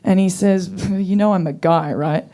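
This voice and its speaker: A young woman with a voice on the low side, speaking at normal speed, performs a stand-up comedy set. She tells stories in a deadpan, sarcastic way and acts out the quotes.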